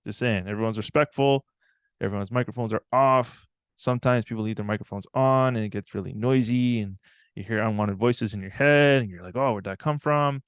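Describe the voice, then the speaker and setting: A man's voice: fairly low pitch, fairly quick, smooth, dry recording, studio quality. A man giving a live online talk, telling a personal story in an earnest, reflective way and often checking in with "right?".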